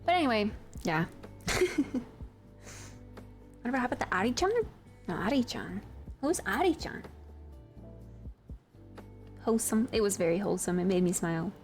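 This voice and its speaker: A woman's voice: mid-range voice, lively intonation, moderate pace, pauses often, faint music behind. A woman streamer chatting casually and giggling often while she works on a 3D model. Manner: chatty and giggly, with many fillers.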